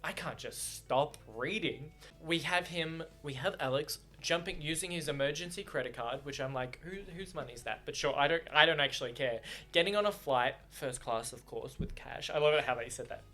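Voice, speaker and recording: Excitable man with a bright voice. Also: a little high, brisk, few pauses. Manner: excitable, swears freely, laughs often. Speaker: book reaction vlogger. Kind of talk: casual chat.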